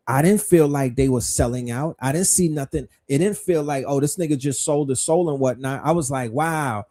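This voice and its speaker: Fairly high-pitched and mellow, this middle-aged livestream host delivers commentary built on rhetorical questions and blunt swearing.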